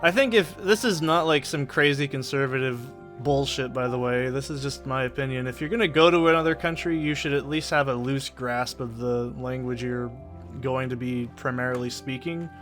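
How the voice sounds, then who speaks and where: With faint music in the background, a man with a mid-range, slightly bright voice offers casual gaming commentary at a moderate pace. He hosts a let's play, speaks with a Southern Oregon accent from the Pacific Northwest, and rambles along, cursing freely and voicing opinions. He's recorded in a soundproofed corner of his home through a desk condenser mic with a pop filter.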